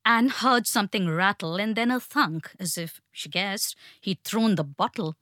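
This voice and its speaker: A woman narrating an audiobook in a measured, tense storytelling manner. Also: medium pitch, fairly bright tone, no room sound, clean studio sound.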